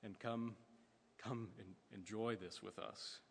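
A man's voice: on the low side, steady tone, takes it slowly, vocal fry, in a large hall, slight background noise. A man preaching a sermon in a conversational way, asking his listeners questions.

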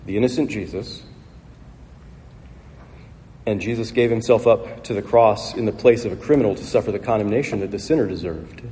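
A man's voice: mid-range voice, mellow. A male pastor preaching a sermon with emphatic, repetitive rhetorical phrasing, recorded in a church hall. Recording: long hall reverb, faint noise.

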